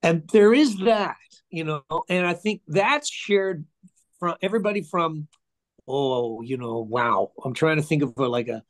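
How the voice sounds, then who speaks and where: An older man, a musician guest in a casual interview, telling animated anecdotes and slipping into voices for the people he quotes. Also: fairly high pitch, measured pace. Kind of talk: casual conversation, storytelling.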